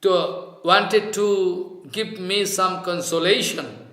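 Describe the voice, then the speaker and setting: A man giving a slow, reflective sermon, chanting Sanskrit verses and explaining them. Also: high voice, sharp tone. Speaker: spiritual teacher. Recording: roomy echo.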